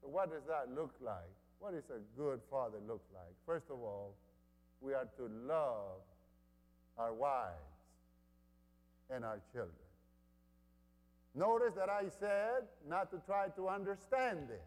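A middle-aged man from Honduras preaching a sermon as a pastor, slow and emphatic, repeating his key phrases. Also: mid-range voice. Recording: long hall reverb.

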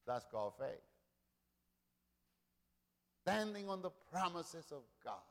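A man's voice: on the high side, big pitch swings, slow, long pauses, a bit bright. Rousing preacher man in a reverberant hall. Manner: rousing preaching with repetition, rising and dropping in volume. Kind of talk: sermon. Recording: long reverb of a large hall.

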